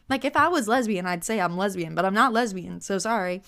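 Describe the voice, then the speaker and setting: A young woman hosting a podcast, telling a story in a casual, animated way with lots of "like" and incredulous asides. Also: mid-range voice, moderate pace, gravelly, few pauses. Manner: animated, incredulous, heavy use of "like". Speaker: podcast host.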